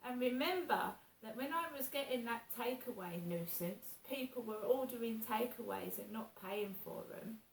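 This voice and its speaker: A woman's voice: on the high side, expressive, moderate pace, creaky, hardly any pauses, distant mic. A woman vlogging in a rambling, aggrieved way, repeating herself as she complains. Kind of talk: casual vlog rant. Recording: echoey room with faint hiss.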